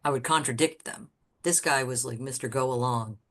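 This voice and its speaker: A woman guest on a podcast, telling candid stories about her design career in a blunt, swearing, animated way. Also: very deep voice, normal speed. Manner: animated storyteller who acts out quoted people. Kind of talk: casual storytelling interview.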